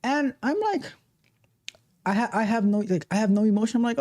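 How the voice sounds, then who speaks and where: A woman's voice: fairly high pitch, expressive, brisk, long pauses, dark tone. A woman coach giving a motivational talk, speaking emphatically, repeating her points and acting out how people react. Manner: emphatic, repetitive, acts out quoted reactions.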